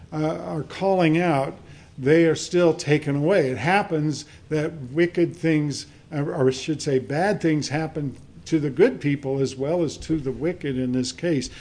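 Male preacher, pitch a touch high, unhurried sermon delivery with fillers and read-aloud scripture. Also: darkish tone. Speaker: pastor.

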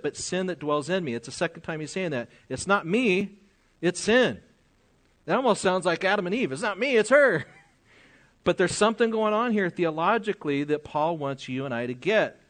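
A man's voice: fairly high pitch, a bit bright. An older man preaching a sermon, reading scripture aloud, explaining it and asking his listeners questions.

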